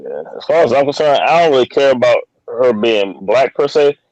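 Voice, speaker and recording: A man co-hosting a podcast in casual chat, relaxed and talking in repeated short phrases. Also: mid-range voice, moderate pace, no room sound, lo-fi sound. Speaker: podcast co-host.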